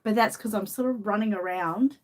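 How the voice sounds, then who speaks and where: A woman from Australia, speaking with an Australian accent, hosts her channel's casual live-stream chat, reading viewer comments and laughing often. Her voice is medium in pitch and brisk.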